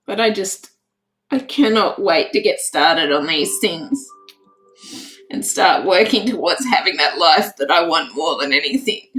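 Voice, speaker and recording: A woman hosting a casual crafts livestream, emotional and teary, repeating herself with excitement. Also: lowish voice, a little slow, rough recording. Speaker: crafts channel host.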